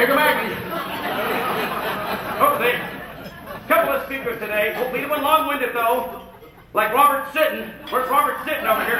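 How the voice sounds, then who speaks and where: A man working as a comic emcee at a luncheon, firing off rapid jokes and slipping in and out of impressions. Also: high-pitched, background noise. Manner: rapid-fire jokes and impressions, jumping in and out of voices. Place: luncheon event hall. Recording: echoey hall, far from the mic.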